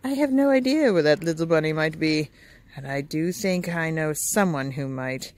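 A woman's voice: low voice, expressive, moderate pace, a little mellow, pitched below the performer's own voice. Woman voicing sly toy creature Lilith. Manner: teasing, amused. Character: sly mischievous female fuggler toy creature.

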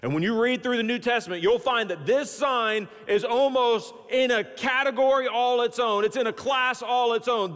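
A man preaching a sermon as pastor, telling the story in an animated, folksy way with humorous asides. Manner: animated storytelling with big swings in pitch and loudness. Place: church sanctuary. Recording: long church-hall reverb.

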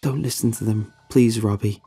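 A trembling, pleading young woman caught in terror, as a male narrator voices her in a spoken horror story. Her voice is hushed and shaky. It carries a faint husky edge. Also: lowish voice, steady tone, normal speed, dry recording, soft background music.

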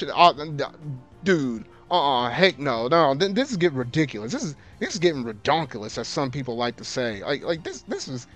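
Animated, exasperated gamer man. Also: on the high side. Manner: exasperated, swings between grumbling and loud outbursts; casual slang, repeats himself. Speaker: gaming video host. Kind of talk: let's play commentary.

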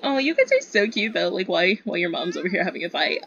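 A woman's voice: fairly low pitch, very animated, quick pace, fairly bright tone. A young woman giving chatty, giggly commentary on her own gameplay. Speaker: gaming video creator. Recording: slightly dull lo-fi sound.

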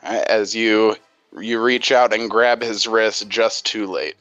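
A man narrating as game master of a tabletop game, with a hesitant, measured delivery. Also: on the low side, fairly even intonation, fairly bright tone, dry recording, muffled recording, faint music behind.

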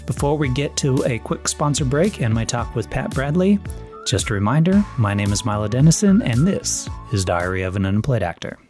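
A man's voice: medium pitch, very animated, a little fast, over music. Chatty male podcast host. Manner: chatty, rambling questions with restarts. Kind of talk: casual interview.

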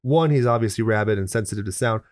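A man co-hosting a horror movie podcast, summarizing scenes with dry, deadpan jokes. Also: on the low side, quick pace, dry recording. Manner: dry joking, deadpan asides. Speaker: podcast co-host. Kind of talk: casual movie review chat.

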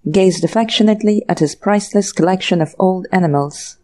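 A woman narrating an audiobook mystery story in an even, measured storytelling manner. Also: mid-range voice. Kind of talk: scripted narration.

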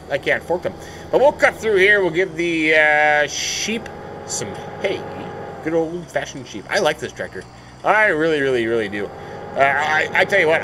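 Animated, chatty man narrating gameplay. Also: mid-range voice, a little hiss or hum, poor audio. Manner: chatty, thinking aloud, frequent mild exclamations. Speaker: let's play host. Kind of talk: casual gameplay commentary.

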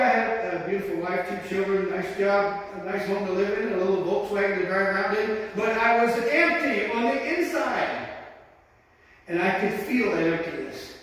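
An older man preaching a sermon as pastor, testifying about his life and often breaking into "praise God" and "amen". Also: high voice. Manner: testifying, repeats praise phrases. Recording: echoey hall from far off.

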